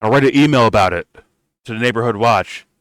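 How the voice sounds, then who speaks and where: A man's voice: mid-range voice, fast, a bit bright, no room sound, clean studio sound, voice pushed up, natural voice. A man mocking a feeble, timid old male politician in a whiny, pleading voice.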